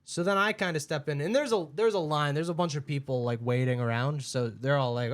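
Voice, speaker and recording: A man from Massachusetts co-hosting a podcast, telling a story in casual chat, animated and full of swearing. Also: fairly high pitch, fairly quick, no echo. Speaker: podcast co-host.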